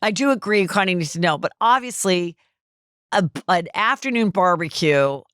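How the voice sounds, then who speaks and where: A woman's voice: fairly low pitch, normal speed, dry recording, clean studio sound. A woman hosting a podcast in casual gossip chat, telling stories and acting out the people in them. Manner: animated storyteller acting out quoted people. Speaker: podcast host.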